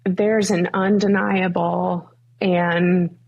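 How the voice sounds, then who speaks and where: Young woman guest, earnest faith story, gravelly and husky, lots of "like" and "um". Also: lowish voice, level tone, extremely slow, highs cut off. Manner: earnest, many fillers like "like" and "um". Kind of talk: faith interview, personal story.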